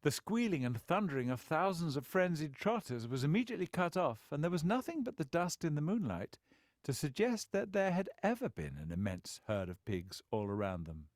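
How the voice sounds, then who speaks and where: A man narrating a book as an expressive storyteller with wry asides, close to the mic. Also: a little high, normal speed, no room sound. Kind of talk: scripted narration.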